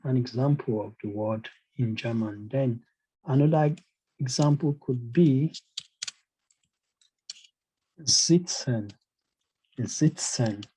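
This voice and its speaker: Slow, hesitant male language teacher. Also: mid-range voice, a little mellow, slight background noise, low-quality recording. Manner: hesitant, many fillers and "you know"; asks learners questions, encouraging. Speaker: German teacher. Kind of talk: online language lesson.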